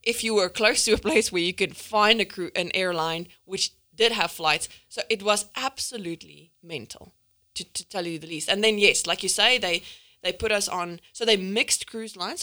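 A woman co-hosting a podcast, emphatic and lively while recounting her experiences in casual chat. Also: mid-range voice, normal speed. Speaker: co-host.

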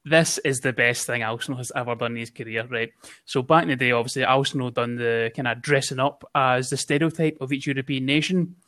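A man co-hosting a podcast in casual chat, excitable and gushing, swearing freely. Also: medium pitch, a little fast. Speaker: podcast co-host.

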